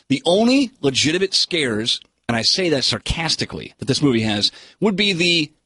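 A male film critic talks through a movie with animated, swooping pitch and a slightly husky edge. He is blunt and sarcastic. The sound is dry and close. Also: no room sound. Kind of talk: casual radio chat.

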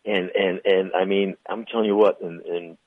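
Male car dealer guest, very low and husky, enthusiastic, teasing, stumbles over repeated words. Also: steady tone, moderate pace, no echo, phone-quality sound. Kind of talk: casual radio chat.

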